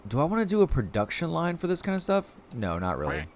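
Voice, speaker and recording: A male game streamer in casual live commentary, his pitch bouncing up and down in an animated way. He chats loosely with his audience while he plays. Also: fast talker, slight background noise. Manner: chatty, talks to chat while playing.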